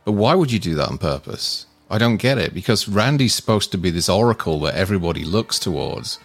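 A man's voice: low-pitched, lively intonation, a little fast, soft background music. A man co-hosting a casual film podcast, earnestly explaining his picks at length. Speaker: podcast co-host. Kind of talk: casual film review chat.

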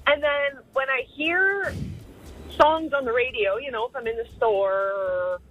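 A woman's voice: high-pitched, measured pace, a little hiss or hum. A woman caller leaving a chatty, rambling phone message that jumps from topic to topic. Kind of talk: phoned-in voicemail. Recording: tinny phone line.

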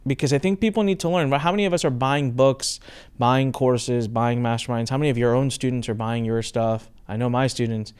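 A man's voice: mid-range voice, steady tone, fairly quick, darkish tone, clear, resonant tone. A middle-aged man hosting a podcast interview, telling a personal story earnestly and asking probing questions. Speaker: podcast host. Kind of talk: interview conversation.

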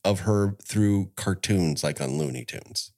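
This podcast host, a middle-aged man, talks unhurriedly in a low-pitched, darkish voice. He explains things in long stretches of casual chat, frequently starting over.

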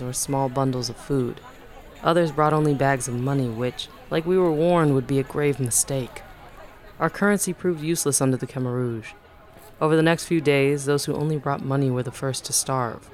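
A man narrating a first-person memoir in an even, measured reading voice. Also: medium pitch, a faint crowd.

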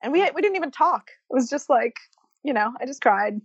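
A woman comedian, a podcast guest, telling a personal story in a lively, laughing manner. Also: high voice, brisk, slightly rough, no room sound, dull audio. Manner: animated storytelling, laughing through tears. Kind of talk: casual podcast conversation.

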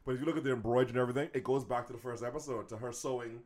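A man co-hosting a podcast, joking in quick slangy casual chat. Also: medium pitch, fairly even intonation, a little mellow. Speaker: podcast co-host.

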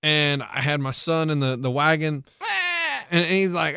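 A young man, a dad, co-hosting a casual chat show, telling stories in an animated, excitable way. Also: fairly high pitch, a little fast, clear, resonant tone, dry recording, clean studio sound. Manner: animated, excitable, trails into laughs and mock complaints. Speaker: co-host.

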